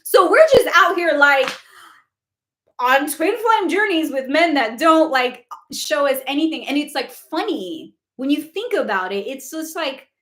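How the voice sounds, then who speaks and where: A woman hosting a long spiritual question-and-answer live stream. She talks casually and says "like" often, her voice is going hoarse from hours of talking, and she laughs easily. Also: high-pitched, expressive, unhurried, fairly bright tone, echoey room.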